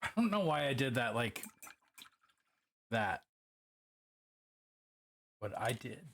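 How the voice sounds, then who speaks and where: A man's voice: mid-range voice, very animated, slow, vocal fry, fairly bright tone, a little hiss or hum. A man streaming live while painting miniatures. He chats casually, swears freely and greets viewers by name.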